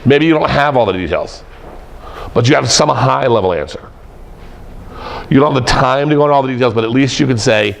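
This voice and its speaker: A middle-aged professor lectures a room of students, joking as he goes and hammering points home by repeating words. His voice has a gravelly, fry-edged texture, and he lands in a middle register. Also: mid-range voice. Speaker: professor teaching presentation skills. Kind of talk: lively classroom lecture. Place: classroom with an audience.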